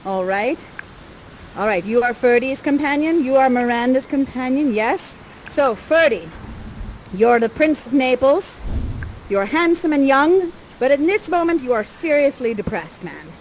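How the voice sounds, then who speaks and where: Playful theatrical woman, slightly high voice. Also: expressive, a little slow, slight background noise, rough recording. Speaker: live theater performer guiding the audience. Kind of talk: interactive theater narration.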